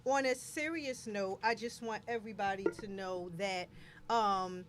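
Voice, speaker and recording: A woman's voice: medium pitch, a little slow, noisy background. A woman hosting a live talk show, speaking emphatically and repeating words for stress. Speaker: show host. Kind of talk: casual live show chat.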